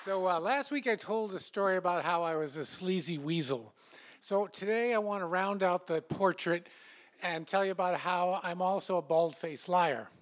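A man's voice: high-pitched, moderate pace. A middle-aged man telling a story live on stage, wry and self-mocking. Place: small hall in front of a live audience.

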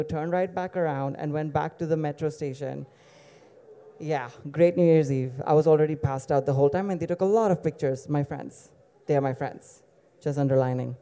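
A man's voice: high voice, warm tone, clean tone. A man from Dubai telling a personal story to an audience in a casual, digressive way with wry asides.

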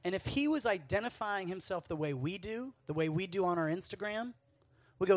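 A man giving a casual, conversational sermon at a youth camp, playful and quick to act out the lines he quotes. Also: high-pitched, animated, no echo.

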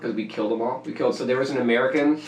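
A man's voice: mid-range voice, racing, a crowd in the background. A man in casual chat, animatedly sharing stories and trivia. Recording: echoey room.

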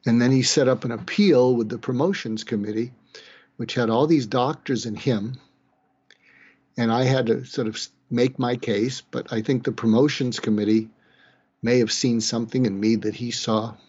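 An older man, a psychiatrist from the East Coast, tells a moving personal story in a halting way, with sighs, restarts and quiet moments. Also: mid-range voice, fairly even intonation, husky, highs cut off. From Boston, East Coast US. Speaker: psychiatrist telling his story. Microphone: webcam or video call.

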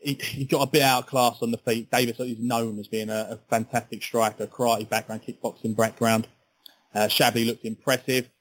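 A man's voice: mid-range voice, flat delivery, moderate pace, rough recording. A man co-hosting a sports podcast in casual, chatty talk, often repeating his words. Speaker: podcast co-host.

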